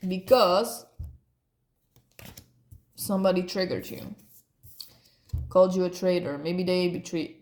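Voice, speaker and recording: Slow, mellow woman doing a spiritual reading. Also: mid-range voice, reverberant. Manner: rambling, laughing, slangy ("bruh", "eh"). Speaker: tarot reader.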